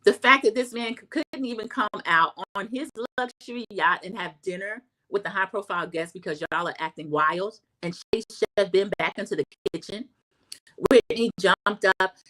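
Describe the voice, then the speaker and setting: A woman's voice: moderate pace, hardly any pauses, sharp tone. Chatty woman recapping a show. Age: middle-aged. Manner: chatty, acts out quotes in a high voice, says "y'all". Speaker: recap host. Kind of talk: casual recap commentary.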